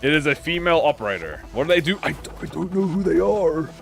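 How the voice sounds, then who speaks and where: A man's voice: a little high, very animated, fast, creaky, soft background music. A man streaming a game, chatting casually with rambling, profane talk and stammered restarts. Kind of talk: casual live-stream chat.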